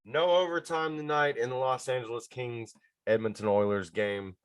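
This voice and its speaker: A man hosting a podcast, giving sports betting picks in an excitable, casual way and talking straight to his listeners. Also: medium pitch, moderate pace, smooth, dry recording, clean studio sound. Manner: excitable, talks to listeners directly. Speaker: podcast host.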